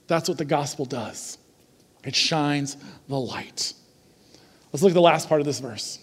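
A man in his forties preaching a sermon, telling stories in a lively, conversational way and often checking in with the congregation. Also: on the high side, unhurried, breathy edge, in a large hall. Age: 40s. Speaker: pastor. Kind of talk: sermon with storytelling.

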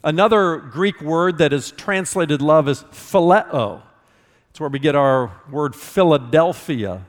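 Speaking in a large hall, a pastor with a fairly high-pitched voice works through his sermon in an expository style. To drive points home, he frequently says words over again.

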